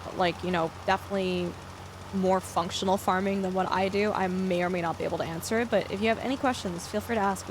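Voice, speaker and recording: A woman's voice: medium pitch, background noise. A woman live-streaming a farming game, casually chatting with viewers in a loose, rambling way full of fillers. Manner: chatty, loose, lots of fillers while answering chat. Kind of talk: casual live-stream chat while gaming.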